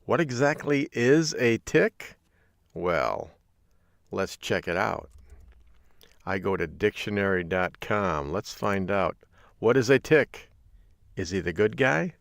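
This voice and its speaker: A man's voice: on the low side, lively intonation, slow, gravelly, long pauses, no room sound, clean studio sound. A man from Michigan hosting a podcast, talking in an upbeat, jokey, folksy way. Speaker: podcast host. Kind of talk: solo podcast talk.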